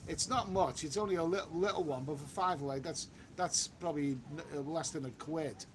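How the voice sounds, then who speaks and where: Walking outdoors, a travel vlogger keeps up a casual live-stream chat, reading comments aloud, chatting away, and repeating himself. His voice is high, his pace normal, and there's a little hiss or hum on the recording.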